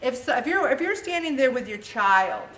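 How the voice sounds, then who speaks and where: A woman leading a weight-loss group, giving an animated motivational talk and acting out quotes. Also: sits high, moderate pace. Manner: animated, acts out quotes with lively voices. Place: meeting room with an audience. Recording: echoey room recorded from a distance, faint hiss.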